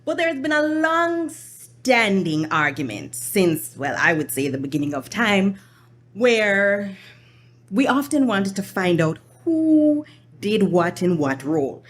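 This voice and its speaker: Slow, expressive Jamaican woman storyteller. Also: medium pitch. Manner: slow, deliberate, audience-engaging. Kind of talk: live storytelling performance. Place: live event venue with audience.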